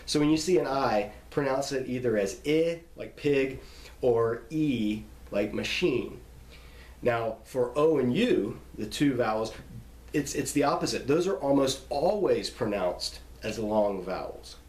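A man's voice: mid-range voice, animated, darkish tone. Patient man teaching pronunciation, echoey room. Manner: patient, repeats and restarts, sounds out examples slowly. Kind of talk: explaining Hebrew name pronunciation.

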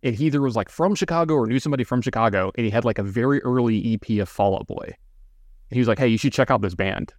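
A man co-hosting a podcast races through rambling, filler-heavy anecdotes full of asides. His mid-range voice is a little mellow, recorded dry and at studio quality.

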